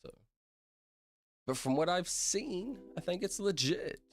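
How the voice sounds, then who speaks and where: A man's voice: sits high, lively intonation, slow pace, faint music behind. A man chatting casually on a livestream, rambling, laughing often and apologizing a lot to his chat. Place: at his computer streaming.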